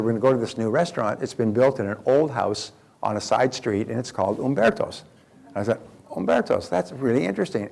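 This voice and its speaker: A man's voice: mid-range voice, gravelly, darkish tone. An older man speaking as a motivational speaker, telling a story in a loose, folksy way full of fillers and restarts. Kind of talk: seminar talk with a story.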